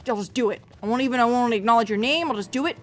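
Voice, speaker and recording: A woman's voice: on the high side, very fast, faint music behind. A woman streaming a game, chatting casually to her viewers in a rambling, profane way, often restarting her sentences. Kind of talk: casual livestream chat while playing.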